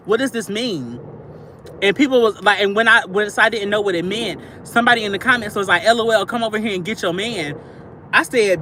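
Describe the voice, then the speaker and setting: A woman's voice: medium pitch, lively intonation, brisk, bright, forceful tone, a little hiss or hum. A woman chatting casually to viewers on a livestream, gushing and chatty, calling them "y'all" and "sister.".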